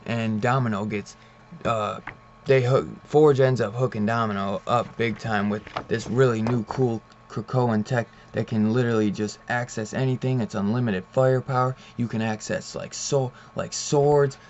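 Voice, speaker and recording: Medium in pitch, steady in tone and darkish, this man talks at a normal speed with a little hiss or hum behind him. He rants casually and profanely about a comic book, retelling scenes in loose storytelling fashion and saying "like," "man" and "dude" constantly. The sound is slightly dull and muffled.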